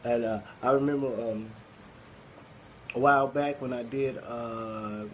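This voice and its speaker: A man's voice: mid-range voice, steady tone, a little slow, a bit bright, a little hiss or hum, poor audio. A man with a Southern Arkansas accent hosting a poetry group, talking casually and rambling with many fillers and restarts. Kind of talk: casual live-stream talk.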